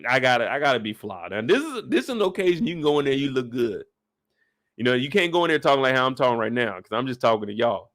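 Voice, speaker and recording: A man's voice: medium pitch, lively intonation, quick pace, fairly bright tone. A young man casually recapping a TV episode in laid-back, slangy talk, laughing easily. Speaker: show recap YouTuber.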